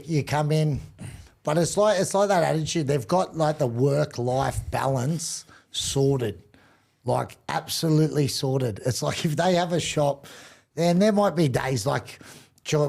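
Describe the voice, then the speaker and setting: Aussie guy guesting on a podcast, gravelly, rambly, keeps restarting, chill. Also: on the high side, unhurried. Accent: Australian. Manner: rambling, restarts sentences, relaxed storytelling. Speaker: guest, rugby league coach. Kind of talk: casual chat.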